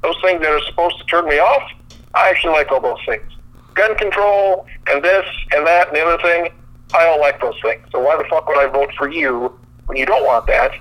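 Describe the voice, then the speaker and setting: Podcast co-host, male, high and bright tone, blunt profane venting. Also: brisk, low-quality recording. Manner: blunt, profane, exasperated ranting. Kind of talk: casual sports podcast chat.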